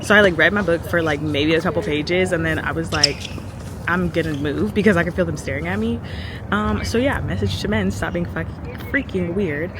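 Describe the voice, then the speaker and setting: A young woman vlogging casually outdoors, chatting to viewers in a lively storytelling way, calling them y'all and girl. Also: fairly low pitch, fairly quick. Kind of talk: casual vlog chat to camera. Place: outdoors on loud city streets and in a park. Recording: noisy street recording with traffic.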